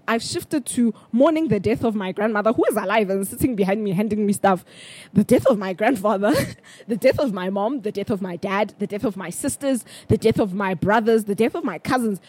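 A young South African woman hosting a podcast, telling a personal story in a chatty, animated way with bursts of laughter. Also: mid-range voice, dry recording. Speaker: podcast host. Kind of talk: casual storytelling monologue.

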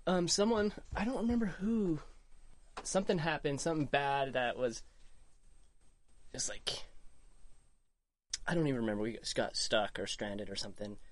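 A woman hosting a casual podcast chat, relaxed and reflective, letting her sentences trail off loosely. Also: rumbling low, normal speed, long pauses. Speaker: podcast host.

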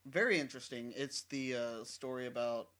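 A man's voice: medium pitch, moderate pace, sharp tone. A young man co-hosting a casual podcast chat, playful and fond of quoting lines. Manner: playful, quotes film lines. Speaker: podcast co-host.

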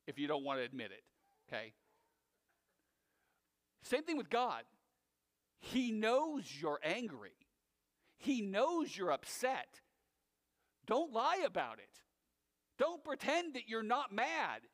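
A man's voice: sits high, a little slow, pauses often. Male pastor, conversational sermon with asides, echoing hall. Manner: animated, conversational preaching with asides to the audience.

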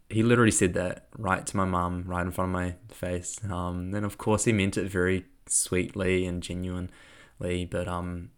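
A young man telling a personal story in a reflective way, laughing often and filling pauses with lots of ums. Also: sits low, clean tone.

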